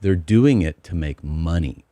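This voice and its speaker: A man's voice: low-pitched, animated, a little slow, mellow. A man hosting a podcast, telling an indignant, profane story in casual chat. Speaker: podcast host.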